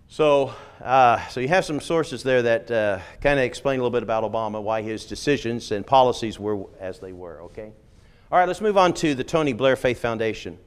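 A man's voice: medium pitch, brisk, clean tone. A middle-aged man who grew up in the United Kingdom, a former missionary, giving a conversational lecture on religion in an emphatic manner, checking in with frequent "okay?" asides.

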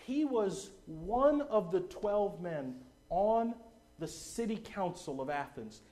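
Fervent high-voiced male preacher. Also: lively intonation, slow pace. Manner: emphatic, fervent, rising to shouts. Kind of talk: evangelistic sermon. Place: church service.

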